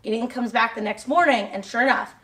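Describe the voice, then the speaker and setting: A woman's voice: fairly high pitch, brisk, a bit bright. A woman retelling a Bible story for children in a casual, rambling way, with lots of fillers and self-corrections.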